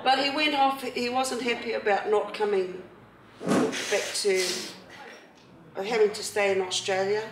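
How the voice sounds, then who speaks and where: A middle-aged woman with a New Zealand accent, telling personal stories to a community gathering in a chatty, lively way with frequent laughter. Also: medium pitch, measured pace, very noisy. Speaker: speaker at a community event. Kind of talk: personal storytelling talk. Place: meeting hall at a marae, indoors. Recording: echoey hall, voice far from the mic.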